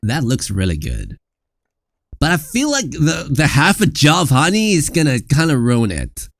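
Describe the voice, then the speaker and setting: A vtuber reacting to cooking clips in casual, rambling commentary with sudden bursts of yelling. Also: mid-range voice, huge pitch swings, moderate pace, no room sound, clean studio sound.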